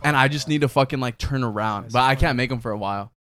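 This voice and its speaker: A man's voice: medium pitch, fast, a bit bright. A young man co-hosting a podcast, telling loose, rambling stories. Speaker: podcast co-host. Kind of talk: casual chat.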